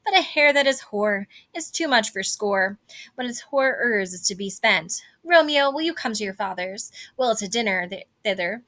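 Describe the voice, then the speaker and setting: A woman's voice: mid-range voice, lively intonation, moderate pace, bright, forceful tone. Woman reading as a mocking young joker. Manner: singsong, teasing verse.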